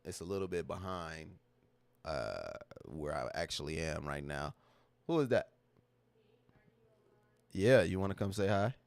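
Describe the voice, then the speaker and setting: A man's voice: deep voice, sing-song, unhurried, gravelly, long pauses, clear, resonant tone, no room sound. A man hosting a livestream, talking casually to his chat in a candid, emotional, slang-heavy way that repeats itself. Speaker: livestream host.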